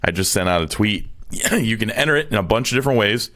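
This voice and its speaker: A man with a lowish voice talks in a laid-back way as a podcast co-host. He laughs easily and corrects himself mid-thought, keeping things informal. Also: expressive, fast talker, a bit bright. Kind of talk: casual chat.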